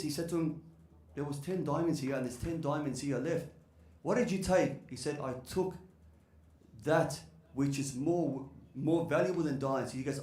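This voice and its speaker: Animated male preacher in an echoey hall. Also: on the high side. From Australia. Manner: animated, lively storyteller with Arabic phrases. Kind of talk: sermon storytelling. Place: large hall.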